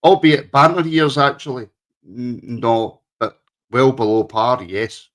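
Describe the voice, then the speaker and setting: A man's voice: mid-range voice, steady tone, slow, fairly bright tone. A man co-hosting a podcast, chatting casually, laughing often and reading out viewer comments. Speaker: podcast co-host. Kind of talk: casual chat.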